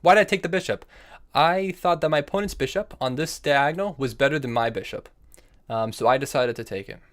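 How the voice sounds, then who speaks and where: A young man with a slightly high voice streams chess online and comments live at a fairly quick pace, thinking through his moves, repeating himself, and answering chat messages between moves.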